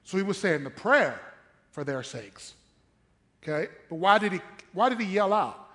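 A man's voice: high-pitched, very animated, moderate pace, fairly bright tone. A man preaching a sermon in church, emphatic and firing questions at the congregation.

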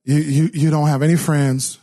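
A middle-aged man preaching a sermon, animated, telling a story and acting out the voices in it, often repeating and restarting words. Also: a little high, normal speed.

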